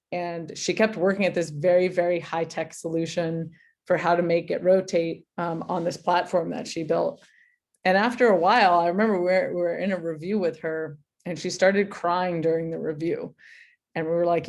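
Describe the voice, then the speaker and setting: A woman mentor giving casual advice, telling an animated story full of "like" fillers. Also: fairly low pitch, moderate pace.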